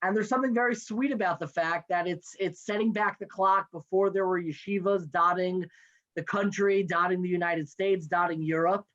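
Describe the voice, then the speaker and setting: A man in his thirties, working as an NCSY education director, talks casually and playfully as a guest from his home office via video call. His voice sits high, slightly bright, with fairly even intonation; he's chatty and jokes quickly. The interview audio is dull and lo-fi.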